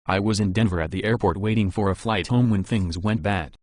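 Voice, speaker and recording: A man voicing a young woman musician with a mild Russian accent, soft-spoken and sorrowful. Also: fairly low pitch, brisk, no echo, natural voice.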